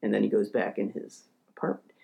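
A man with a brisk, creaky voice rambles through a story on a podcast, full of fillers and restarts. He grows heated and ranting as he goes, shouting out quotes in a higher voice.

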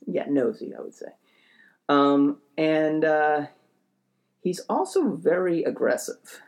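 A man's voice: a little high, animated, takes it slowly, vocal fry. A young man telling a funny story on a podcast in a rambling, hesitant way, full of fillers and self-deprecating asides. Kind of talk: casual comedic storytelling.

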